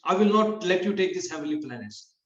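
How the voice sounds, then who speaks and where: A scornful queen of heaven challenges an intruder in a sharp, raised, accusing voice, as a male storyteller puts her on. The voice sits high and loud, with a roomy echo and a dull, lo-fi sound. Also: very animated, quick pace.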